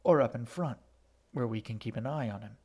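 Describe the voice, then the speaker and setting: A man doing a calm, mild older brother. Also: medium pitch, fairly quick, husky, close to an everyday voice. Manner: mild and level. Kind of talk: audiobook character voice.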